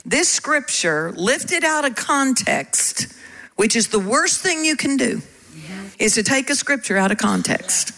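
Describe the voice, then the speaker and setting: A woman preaching a sermon, animated and coaxing the congregation to join in. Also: high voice, unhurried, poor audio. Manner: animated, coaxes the congregation to repeat.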